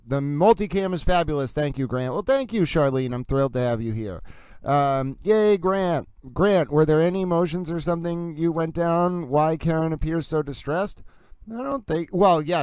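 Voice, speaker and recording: A man's voice: medium pitch, darkish tone, smooth, no room sound. A man with a Boston accent, hosting a casual live stream and chatting playfully while he works on his computer. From New England. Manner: playful, self-mocking chatter while working. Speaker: livestream host.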